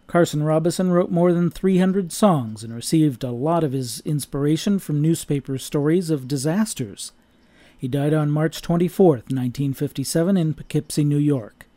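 A man reading a scripted narration in an even, measured way. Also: a little high, dry recording.

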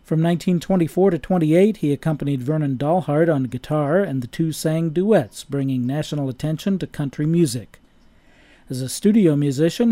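A man reading a scripted narration in an even, measured way. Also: fairly high pitch, no echo.

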